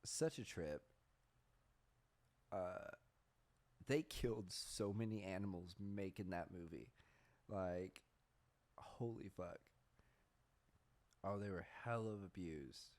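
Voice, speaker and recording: Young male podcast host, lowish voice, loose rambling storyteller who swears freely. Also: takes it slowly, pauses often, a little mellow. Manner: rambling, swears often, laughs at himself; reads search results aloud. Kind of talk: casual storytelling chat.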